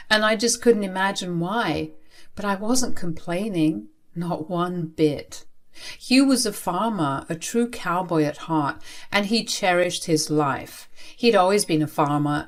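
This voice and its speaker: A woman narrating a first-person story aloud in an expressive, emphatic way. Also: lowish voice.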